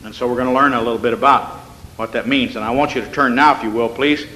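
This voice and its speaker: Bright-voiced guy preaching in a church, punchy and folksy, lots of hall echo. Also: mid-range voice, steady tone, fast talker, slight background noise. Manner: emphatic, with rhetorical questions and folksy asides. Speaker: pastor. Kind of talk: evening sermon with scripture reading. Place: church sanctuary. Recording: echoey hall with long reverb.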